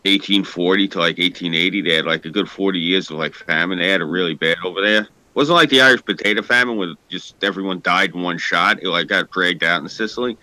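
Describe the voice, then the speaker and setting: A man's voice: low voice, pushed and bright, no room sound. A man with a New York accent chatting casually, rambling with lots of fillers and swearing. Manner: rambling, profane, hesitant. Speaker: podcast co-host. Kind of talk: casual chat.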